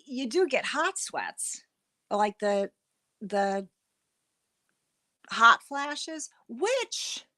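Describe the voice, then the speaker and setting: A middle-aged woman talks to her livestream viewers in a loose, rambling way. Her words often stop and start again. Her speech is unhurried, with a gravelly edge to her voice. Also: a little high, sharp tone. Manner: chatty, rambling, frequent restarts. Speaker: livestream host. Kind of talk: casual livestream chat with chat readers.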